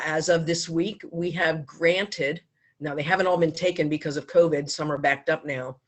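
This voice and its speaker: A woman in her fifties giving a heartfelt speech at a club meeting, telling a personal story with pauses and restarts. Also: low-pitched. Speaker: foundation speaker at a club meeting.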